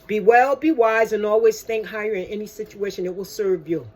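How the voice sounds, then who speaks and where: An older woman hosting a casual home vlog, chatting slowly and calling her viewers "you guys". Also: medium pitch, fairly even intonation, darkish tone, low-quality recording. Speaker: host.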